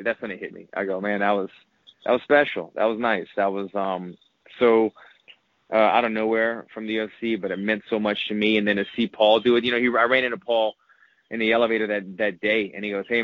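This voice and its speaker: A man's voice: lowish voice, dry recording. Rambling man telling a story, lo-fi. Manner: rambling, repeats words when moved. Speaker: retired fighter and analyst. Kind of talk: casual interview storytelling. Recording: muffled lo-fi audio.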